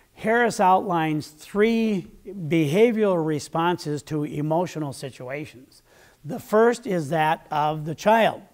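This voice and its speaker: An older man giving a motivational talk as a leadership coach, with a measured, deliberate delivery that slows down to stress key sayings. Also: fairly high pitch, a little mellow.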